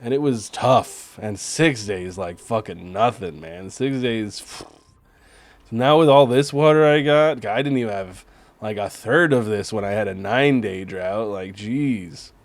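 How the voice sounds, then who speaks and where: A man streaming a game switches into a put-on fake Scottish accent, talking loud and boastful. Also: fairly low pitch, measured pace, no echo. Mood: mock boastful.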